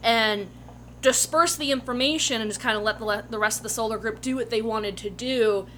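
A woman with a bright, fairly high voice recaps a campaign she played in. She is casual, matter-of-fact and dryly wry. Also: brisk, slight background noise. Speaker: player and podcast co-host. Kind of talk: casual chat.

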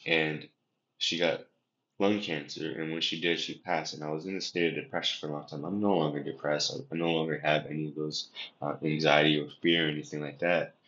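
A young man, a podcast guest, telling a personal story in an earnest, reflective way, often pausing and restarting. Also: a bass voice, steady tone, fairly bright tone. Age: young adult. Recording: echoey room, dull lo-fi sound.

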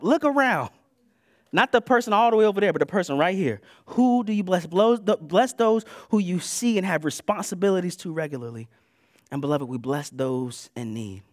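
A man preaching a sermon in a casual, conversational way, moving between loud bursts and hushed asides. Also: a little high, no room sound, clean studio sound. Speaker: pastor.

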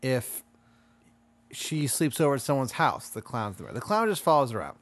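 A man's voice: mid-range voice, sing-song, brisk, dry recording. A man talks through a bizarre what-if on a podcast in a loose, joking way. His voice sinks to a near murmur when he paints the scene, then lifts again as he pushes his co-host for answers. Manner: spins a hypothetical, drops to a murmur when setting scenes. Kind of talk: casual podcast chat.

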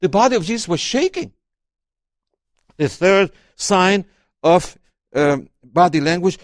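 A man, an author and guest, talking about his book in an interview and reading passages aloud, expressive and often repeating words as he starts sentences. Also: high-pitched, unhurried, pauses often, no room sound, clean studio sound.

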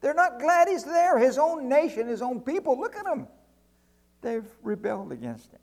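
Sermon aside: a preacher doing a stammering, incredulous angel, pitched high, gravelly edge. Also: male voice, big pitch swings, moderate pace, full character voice. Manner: exclaiming, stammering in disbelief. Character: bewildered incredulous male angel in heaven.

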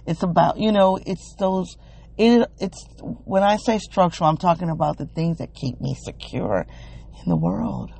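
Woman talking to her podcast listeners, warm mellow voice with some fry, halting, stops and restarts a lot. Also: fairly low pitch. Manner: thinking aloud, halting and searching, emotionally open. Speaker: wellness podcast host. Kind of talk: reflective solo podcast monologue.

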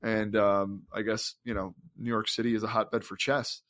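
A man's voice: lowish voice, little pitch movement, moderate pace, a bit bright. Rambling, upbeat man chatting casually. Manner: rambling, enthusiastic storytelling with many fillers. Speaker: podcast co-host. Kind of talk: casual chat.

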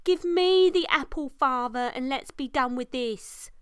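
A ditzy valley-girl goddess of love, voiced by a woman, vain and airy. Her high, smooth voice drawls every line. The recording is dry and close. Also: a little slow, no room sound. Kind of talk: comedy audio sketch.

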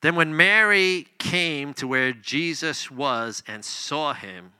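A man preaching a sermon, reading scripture and explaining it conversationally, swinging between loud emphasis and hushed near-whispers. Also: on the high side, takes it slowly, smooth, dry recording. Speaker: pastor.

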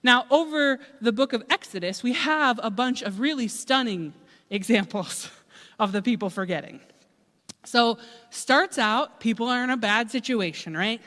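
A woman preacher retelling scripture as a casual, animated sermon, chatty and full of asides. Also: fairly high pitch, unhurried. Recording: echoey hall.

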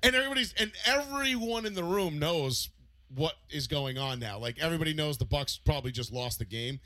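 An excitable man with a high, lively voice tells a story in casual chat. He is bright and forceful, swears freely and bursts into loud re-enactments. The sound is dry and close. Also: fairly quick, no room sound. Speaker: podcast co-host.

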